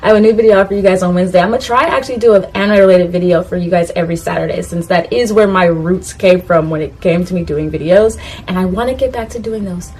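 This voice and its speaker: Talking fast in a fairly low, husky voice with a darkish tone, a woman vlogs about her ranking of anime catchphrases. She rambles casually, laughs at herself, speaks directly to viewers and asks them to comment, all over poor audio.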